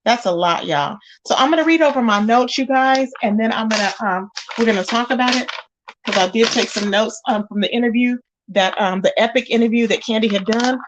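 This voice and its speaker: A woman with a voice on the high side hosts a chatty gossip livestream, addressing viewers directly and exclaiming as she goes. She talks fairly quickly, with background noise audible.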